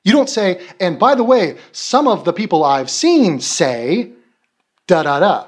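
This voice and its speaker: A man's voice: sits high, sing-song, a little slow. A man giving a profane, sarcastic commentary rant, mocking the people he is answering. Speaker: commentary video creator. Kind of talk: ranting commentary.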